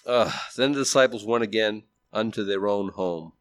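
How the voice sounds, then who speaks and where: A pastor preaches a sermon conversationally, frequently asking his listeners questions. His voice is fairly low-pitched at a normal pace, and the recording is dry.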